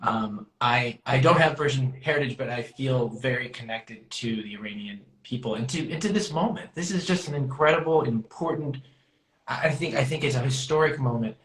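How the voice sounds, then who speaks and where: A man's voice: medium pitch, normal speed, a bit bright, reverberant, poor audio. A man being interviewed as a guest musician, earnest with stammering restarts. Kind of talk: casual interview.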